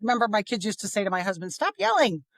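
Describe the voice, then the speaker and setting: A middle-aged woman talking about parenting on a podcast, chatty and expressive, sometimes acting out what others said. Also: mid-range voice, very fast, no room sound. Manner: chatty, expressive, acts out quoted voices. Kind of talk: casual podcast conversation.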